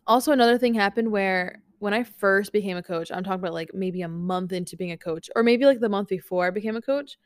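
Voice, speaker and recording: A young woman talks casually to the camera as a coach sharing her own stories. She is animated and loose, with plenty of fillers, and she often slips into quoting herself. Her voice is smooth and resonant, and it sounds close and dry. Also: medium pitch, dry recording. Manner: chatty, animated, lots of fillers and quoted self-talk. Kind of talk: casual chat vlog.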